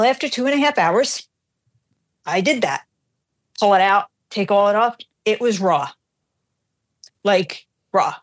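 A middle-aged woman hosting a radio show, telling a story in a casual, animated, self-deprecating way and acting out the dialogue. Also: medium pitch.

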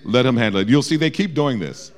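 A man teaching a Bible study, explaining verses and acting out quotes in a lively way. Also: medium pitch, fast. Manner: lively, acts out quotes with shifting voice.

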